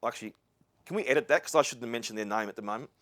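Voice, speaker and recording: A middle-aged Australian man gives a live talk to an audience at a lecture venue, earnest and rambling, full of restarts and asides. He talks very fast in a medium-pitched, fairly bright voice, with no echo.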